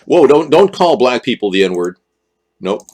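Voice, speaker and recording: A man's voice: mid-range voice, very animated, unhurried, darkish tone. A man hosting a political live stream, rambling and joking and often jumping into exaggerated voices. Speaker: livestream host.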